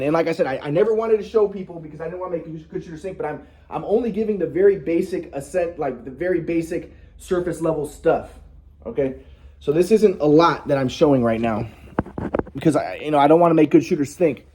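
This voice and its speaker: A man's voice: fairly high pitch, a little fast, noisy background. A man in a rambling personal monologue who sounds aggrieved, often restarts his sentences, and swears. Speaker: vlogger.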